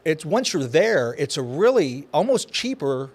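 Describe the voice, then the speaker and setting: A man's voice: on the high side, big pitch swings, a little slow. A man co-hosting a podcast in casual chat, rambling with many fillers and restarts. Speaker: podcast co-host.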